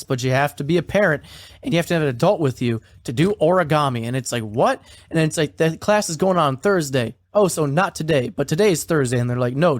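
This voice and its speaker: A man co-hosting a podcast, casually recapping a story and quoting its characters in a flat, offhand way, swearing now and then. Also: fairly high pitch, no room sound. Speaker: podcast co-host.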